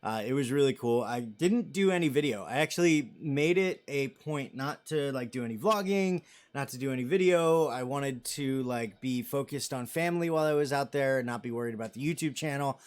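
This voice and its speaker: A man's voice: medium pitch, fairly quick, hardly any pauses. A man in his thirties hosting a live stream, chatting casually and rambling as he reads viewer comments and jokes about himself. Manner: self-deprecating and joking.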